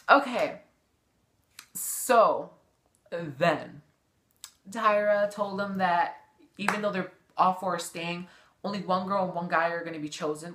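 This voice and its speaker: A woman's voice: on the low side, a bit bright. A woman vlogger giving a sassy, gossipy, profane recap of a TV show in casual chat.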